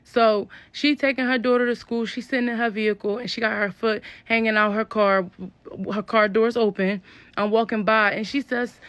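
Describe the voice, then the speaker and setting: A woman's voice: on the high side, fairly even intonation, moderate pace, a bit bright, no echo. A young woman telling a personal story in a casual, blunt and slangy way. She spells out curse words. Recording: dull, lo-fi, dry sound.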